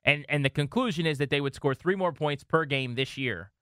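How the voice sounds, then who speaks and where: Bright, clear-voiced man chatting casually. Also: on the high side, brisk, no echo, studio quality. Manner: animated storyteller, slips into funny voices. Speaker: podcast co-host. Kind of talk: casual sports chat.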